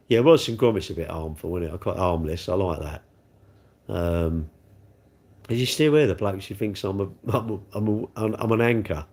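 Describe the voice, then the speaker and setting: A man in his sixties with a gravelly voice, hosting a casual live stream, chatting and joking as he answers viewer comments. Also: fairly low pitch. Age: 60s. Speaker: livestream host reading chat.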